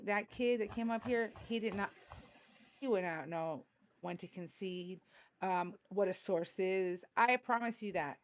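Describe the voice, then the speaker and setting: A tired woman from Texas with a Texan accent, hosting a casual political livestream in a blunt, outspoken, slangy way. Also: mid-range voice. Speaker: livestream host.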